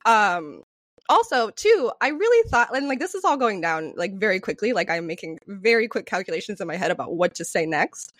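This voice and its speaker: A woman co-hosting a podcast who tells a story in a casual, animated way, swearing freely and laughing often. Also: medium pitch, brisk, dry recording, studio quality. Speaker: podcast co-host.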